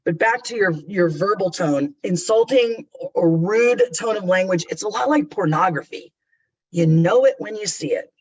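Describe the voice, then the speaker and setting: A man's voice: sits high, husky, poor audio. A middle-aged man giving a customer service training webinar in a chatty, candid, conversational way over a computer mic. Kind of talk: webinar presentation.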